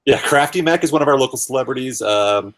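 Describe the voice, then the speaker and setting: A man's voice: mid-range voice, lively intonation, fast talker. A man hosting a podcast in casual group chat, rambling with many fillers and freely swearing. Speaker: podcast host.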